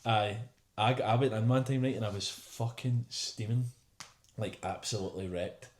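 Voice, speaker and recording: A Scottish man co-hosting a casual podcast, chatting in fast, sweary banter. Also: fairly low pitch, roomy sound. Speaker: podcast co-host.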